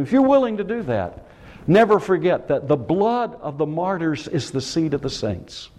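A man delivers a sermon in an impassioned style. His voice sits high and leaps up and down across a wide range. He fires rhetorical questions and swings between shouts and hushed lines. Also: sing-song, moderate pace. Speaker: preacher.

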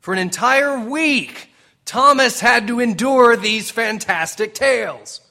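A man preaching a sermon as pastor, animated and emphatic, slipping into dramatic quoted lines with pauses and now and then drifting off the mic. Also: extremely high pitch, creaky. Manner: jokes with the congregation.

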